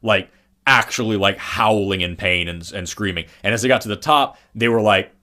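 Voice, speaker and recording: A man's voice: on the low side, normal speed, bright, forceful tone. A man co-hosting a podcast, telling a long story in casual chat, with many fillers and restarts. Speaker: podcast co-host.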